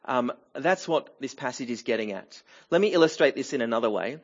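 A man's voice: medium pitch, animated, fairly quick, lo-fi sound. A middle-aged man preaching a sermon in a church, talking in a conversational way with many fillers and restarts. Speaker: pastor.

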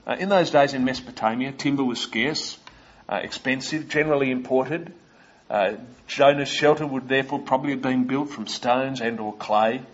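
Australian man preaching, husky, lo-fi. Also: mid-range voice. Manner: measured and explanatory, with frequent "uh" fillers and asides to listeners. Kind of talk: expository sermon.

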